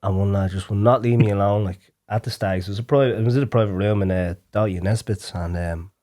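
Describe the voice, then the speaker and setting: A man's voice: fairly low pitch, steady tone, fast talker, warm tone. A man, a musician guest telling gig stories in casual chat, laughing often. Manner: laughs often, storytelling with acted quotes.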